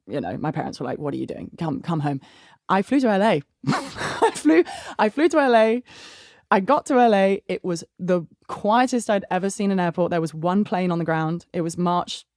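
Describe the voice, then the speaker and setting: A woman in her thirties with a southern English accent, telling stories in a lively, chatty interview and laughing often. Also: lowish voice, fairly quick, dry recording, studio quality. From England. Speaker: guest songwriter. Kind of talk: casual interview chat.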